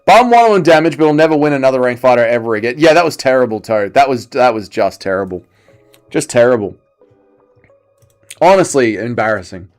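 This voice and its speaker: A man's voice: medium pitch, lively intonation, a little fast, soft background music. A young Australian man hosting a livestream, giving crude, mocking commentary on fights and answering chat. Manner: profane, mocking, reads chat aloud. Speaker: livestream host. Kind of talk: casual fight-watching commentary.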